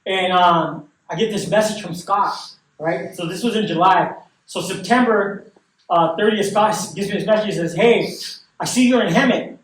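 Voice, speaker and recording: A man's voice: high-pitched, moderate pace, a bit bright. A man giving a personal recovery testimony in casual storytelling, with slang and repeated phrases. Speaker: recovery speaker. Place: recovery service hall. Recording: echoey room from far off.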